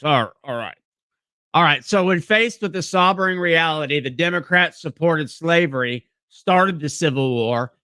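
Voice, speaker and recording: Southern man, high bright voice, smooth and dry, stumbling live-stream reading. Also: no echo. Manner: stumbling reading aloud, apologetic asides. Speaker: live stream podcast host.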